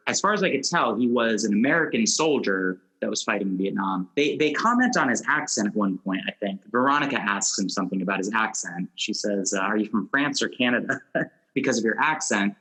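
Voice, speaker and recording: A man's voice: on the low side, pushed and bright, poor audio. A man hosting a casual movie podcast, asking long rambling questions and laughing often. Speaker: podcast host.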